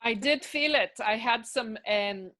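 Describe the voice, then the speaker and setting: A woman volunteer on a video call, speaking softly, moved and grateful. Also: fairly high pitch, measured pace. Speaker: healing volunteer.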